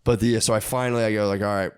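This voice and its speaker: A man, a podcast co-host telling a long rambling story with laughs, acting out his own thoughts in quick asides. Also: lowish voice, fairly even intonation, smooth, dry recording, studio quality. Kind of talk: casual storytelling chat.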